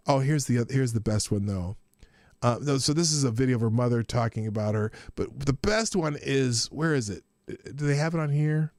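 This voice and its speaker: A man's voice: medium pitch, normal speed, a little mellow, dry recording, clean studio sound. A man hosting a podcast, giving casual mocking commentary and often breaking into incredulous laughter. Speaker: podcast host.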